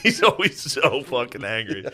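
A man's voice: mid-range voice, big pitch swings, moderate pace, pushed and bright. A young man telling funny family stories on a podcast, swearing freely and laughing through them. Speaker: podcast host. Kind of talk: casual comedic storytelling.

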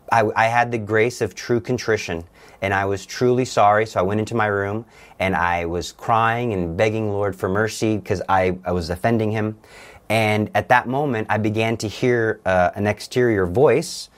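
A man appearing as a guest, giving an earnest and intense personal religious testimony. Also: fairly low pitch.

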